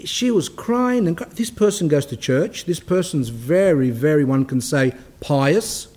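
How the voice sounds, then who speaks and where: A man's voice: a little high, expressive, a little slow, a little mellow. A man, a priest giving a spoken sermon in a rambling, anecdotal way with frequent restarts.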